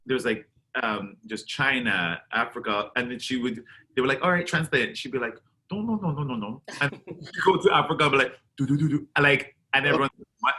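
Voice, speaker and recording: A man with a bright, forward voice tells backstage stories in a relaxed interview. He acts out what people said and breaks into laughter often, keeping the chat animated. His pitch sits in the middle for a man. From Canada. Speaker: eliminated contestant, drag performer.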